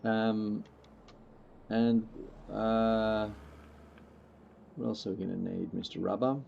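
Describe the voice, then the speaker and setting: A man's voice: on the low side, level tone, slow pace, gravelly, slight background noise. A man livestreaming a farming game, chatting casually with viewers in a laid-back, rambling, joking way. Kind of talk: casual gameplay chat with viewers. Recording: slightly muffled lo-fi mic.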